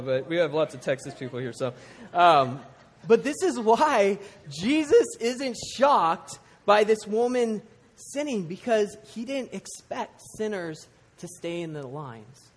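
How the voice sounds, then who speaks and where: A middle-aged man from the United States preaching a sermon to a church congregation, animated, swinging from loud emphasis to hushed intensity. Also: fairly high pitch. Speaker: pastor. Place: church sanctuary. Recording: long hall reverb.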